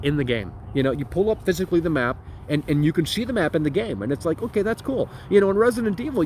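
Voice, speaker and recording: A high-voiced man rants brashly on his livestream, swearing and repeating himself. He is talking outdoors into a phone. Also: slight background noise. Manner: brash, profane, repetitive ranting. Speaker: streamer and host. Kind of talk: casual ranting livestream.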